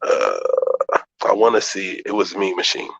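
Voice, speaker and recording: A man's voice: fairly low pitch, fairly even intonation, normal speed, a bit bright, rough recording. A man hosting a casual boxing debate, emphatic and swearing freely as he breaks fights down.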